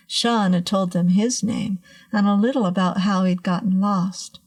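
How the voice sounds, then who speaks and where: A woman narrating a horror story in a measured, suspenseful way. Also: medium pitch, steady tone, a little mellow, breathy edge.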